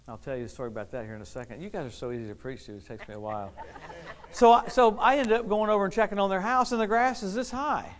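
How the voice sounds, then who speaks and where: A man preaching a lively sermon to a responding congregation, exuberant, laughing often and repeating key phrases for emphasis. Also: high voice, fast talker. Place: church service with a responding congregation.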